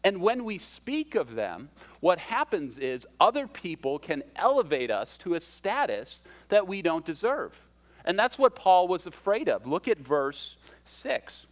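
A man's voice: sits high, very animated, measured pace. A man preaching a sermon as a pastor, in a conversational way with self-deprecating humor and shifting emphasis.

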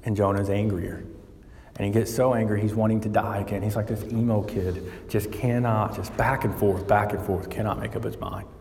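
A man delivers a sermon, his voice climbing in pitch and volume whenever he drives a point home. The sound rings through a large, roomy space with a long reverb tail. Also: normal speed, slight background noise. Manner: animated, rising in pitch and volume when building a point. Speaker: pastor. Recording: echoey church hall with long reverb.

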